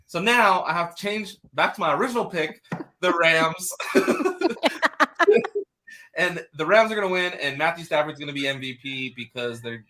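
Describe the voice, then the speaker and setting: A man's voice: on the high side, lively intonation, moderate pace, sharp tone, slight background noise. A man guest chatting casually about football and laughing at his own jokes. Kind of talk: casual chat.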